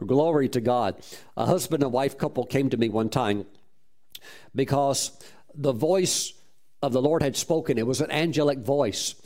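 A man's voice: medium pitch, a little slow, darkish tone. Fervent male pastor preaching. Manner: fervent, with exclamations of praise; repeats words while restarting phrases. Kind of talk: sermon storytelling.

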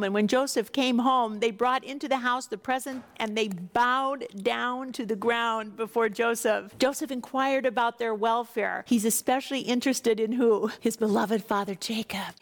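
Woman, bible teacher, higher voice, earnest devotional commentary, long reverb. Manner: earnest, devotional, asks the listeners questions. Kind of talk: scripture reading with commentary.

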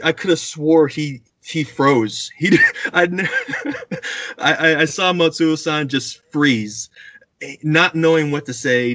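Male storyteller, animated, close dry sound, acts out quotes. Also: fairly high pitch, no room sound. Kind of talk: casual anecdote telling.

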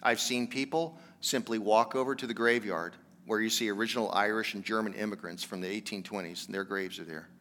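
Bright-voiced pastor preaching in a reverberant hall. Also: male voice, fairly low pitch, steady tone, brisk, few pauses. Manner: conversational, earnest preaching that builds to emphatic exhortation. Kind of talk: sermon.

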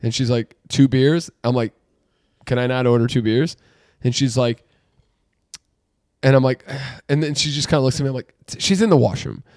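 A man's voice: medium pitch, normal speed, pauses often, no room sound. Guy on a podcast, gets worked up n cusses, dry close sound. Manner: animated, swears, voice jumps up when riled. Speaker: podcast co-host. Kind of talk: casual chat.

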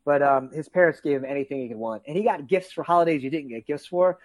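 A man telling childhood stories in casual chat, acting out quotes with loud outbursts and frequent swearing. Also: on the high side, fast talker, rough recording. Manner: animated storytelling, acts out quotes loudly; swears freely.

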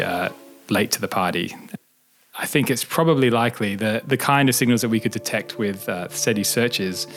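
A man, an astronomer, patiently explaining science in plain words, with a light touch of humour. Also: medium pitch. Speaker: astronomer answering kids' questions. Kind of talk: relaxed explanatory interview talk.

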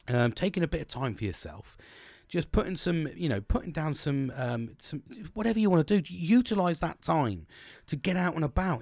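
A man's voice: fairly high pitch, no echo, clean studio sound. Sweary, rambling podcast man. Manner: sweary, rambling, laughs often. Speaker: podcast host. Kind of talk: casual solo podcast chat.

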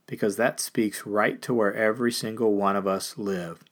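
A man preaching a sermon in an earnest, conversational way, often pausing to restate a point and asking his listeners direct questions. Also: lowish voice, steady tone. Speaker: pastor.

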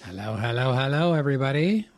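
A man's voice: mid-range voice, lively intonation, quick pace, soft background music. A man co-hosting a podcast in casual banter, teasing his partner and joking around. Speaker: podcast co-host.

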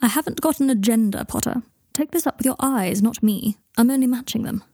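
A woman voicing a proud but fragile young wizard man in a storybook reading, with clipped, slow, dry delivery. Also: a little high, warm tone, dry recording, pitched above the performer's own voice. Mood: guarded.

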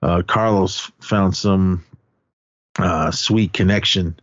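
A man's voice: deep voice, fairly even intonation, slow pace, fairly bright tone, dry recording, lo-fi sound. A man hosting a podcast, casually recapping a film in a rambling way, with lots of restarts and fillers. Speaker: podcast host.

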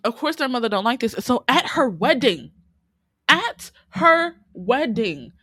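A woman, casually recapping a TV series in animated, exasperated storytelling. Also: on the high side, measured pace, husky, no echo. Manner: animated, swearing, exasperated storytelling with quoted reactions.

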